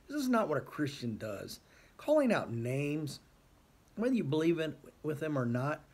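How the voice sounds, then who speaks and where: A man giving an earnest, exasperated talk about his faith to his channel's viewers. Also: mid-range voice. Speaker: christian youtuber. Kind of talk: impassioned faith monologue.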